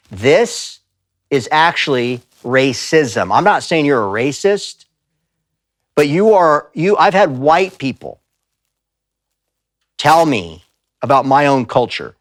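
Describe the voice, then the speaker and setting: A man's voice: on the high side, sing-song, normal speed, no echo. Emphatic male church speaker, dry sound. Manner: emphatic, storytelling with quoted voices. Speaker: pastor and speaker. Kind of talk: live church talk. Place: church sanctuary.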